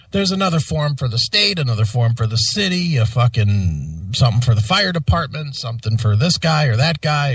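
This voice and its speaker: A man's voice: mid-range voice, no echo, recorded from a distance, rough recording. A man co-hosting a casual radio talk show, worn out from lack of sleep and swearing freely as he talks. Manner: blunt and frank, swears freely.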